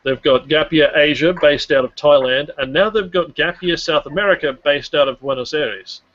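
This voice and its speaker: A man's voice: on the high side, normal speed, a bit bright. A man co-hosting a casual review podcast, enthusiastic and swearing casually. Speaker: podcast co-host. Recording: muffled lo-fi mic.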